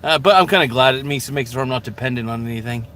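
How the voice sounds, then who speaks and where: A vlogger live-streams from his car to a mounted camera, rambling and cracking crude jokes with heavy swearing as he drives. His mid-range voice is very fast and sharp, with slight background noise.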